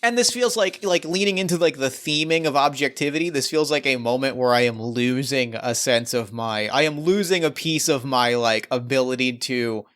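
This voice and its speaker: A man plays a tabletop game in chatty, enthusiastic bursts. His voice is smooth and resonant, at a middle pitch. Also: moderate pace, hardly any pauses, a bit bright. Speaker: player. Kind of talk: tabletop game play, casual.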